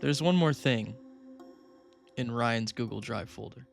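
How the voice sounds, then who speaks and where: A man narrating a dramatic story in a measured, ominous way. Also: mid-range voice, vocal fry, soft background music.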